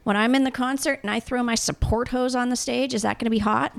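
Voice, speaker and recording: Female co-host, teasing banter, slightly high with a gravelly fry, dry studio. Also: fairly even intonation, no room sound. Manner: teasing, quick to joke. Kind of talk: casual radio banter.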